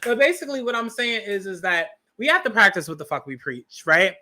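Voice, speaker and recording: A man hosting a podcast, giving blunt, profane commentary with sassy asides and drawn-out emphasis. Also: sits high, lively intonation, pushed and bright, slight background noise. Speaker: podcast host. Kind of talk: opinionated commentary.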